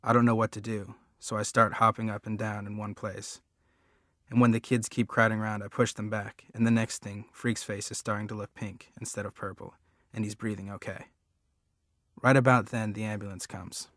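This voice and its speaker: Low-voiced man reading a story aloud. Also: flat delivery, normal speed, fairly bright tone, no room sound, studio quality. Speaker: audiobook reader. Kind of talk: first-person storybook narration.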